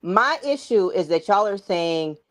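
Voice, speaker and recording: A woman's voice: medium pitch, animated, a little slow, no echo. A woman co-hosting a podcast in casual chat, frank and opinionated, often restarting her sentences. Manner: frank, opinionated, self-correcting. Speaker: podcast co-host.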